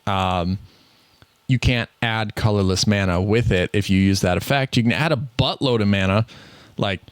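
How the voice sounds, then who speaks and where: A man's voice: on the low side, normal speed, clear, resonant tone, dry recording. A man with a Midwestern accent, chatting casually on a podcast about card games, rambling and correcting himself as he goes. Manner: rambling, self-correcting, laughs often. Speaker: podcast co-host. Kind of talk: casual card game chat.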